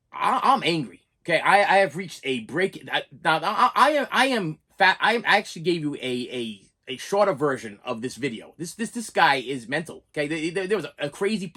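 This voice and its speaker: A man's voice: on the high side, bright, forceful tone, husky. A man ranting on a vlog, exasperated and stammering with repeated words. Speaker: YouTube reviewer.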